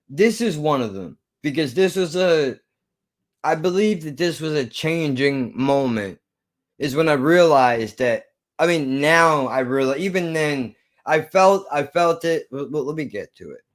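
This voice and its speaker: A fired-up, swearing man telling a story. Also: a little high. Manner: animated, swearing, acts out both sides of an argument. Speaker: vlogger telling a personal story. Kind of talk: profane storytelling monologue.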